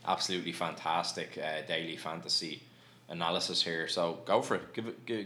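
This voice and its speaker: A male podcast host with a very low voice that still sounds crisp and bright. He chats casually, cracks jokes and swears freely. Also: steady tone, brisk. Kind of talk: casual chat.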